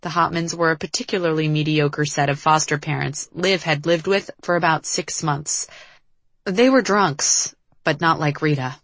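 Low-voiced woman narrating a novel. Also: moderate pace, no room sound. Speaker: audiobook narrator. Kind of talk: scripted narration.

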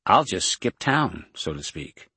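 A man's voice: low-pitched, sing-song, takes it slowly, sharp tone, breathy edge, no room sound, heavily acted. A man voicing a vengeful possessor who gloats and mocks with triumphant spite. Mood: gloating. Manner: mocking, triumphant. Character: Jason, a vengeful, gleeful man possessing another's body.

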